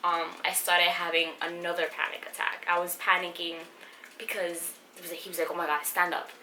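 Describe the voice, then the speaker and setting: Young woman vlogger, bright and echoey. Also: lowish voice, level tone, brisk. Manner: rambling, emotional, many fillers and restarts. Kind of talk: personal story vlog. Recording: echoey room with faint background noise.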